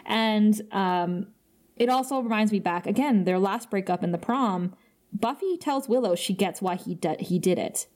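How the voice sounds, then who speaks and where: Female podcast co-host, expressive, gushing recap delivery. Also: mid-range voice. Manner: gushing, expressive, quick bursts. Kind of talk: emotional episode recap.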